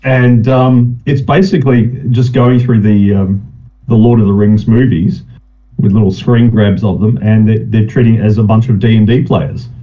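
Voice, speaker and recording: A man's voice: on the low side, fairly even intonation, normal speed, lo-fi sound. A man hosting a casual live chat show, retelling funny scenes in a rambling way and laughing often. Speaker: podcast host.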